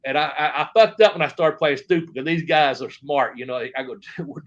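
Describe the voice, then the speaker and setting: Sounding a little high and fairly quick, a middle-aged man shares wrestling stories as an interview guest, though the audio is dull. His casual storytelling is rambling and profane, with frequent restarts and quoted exchanges.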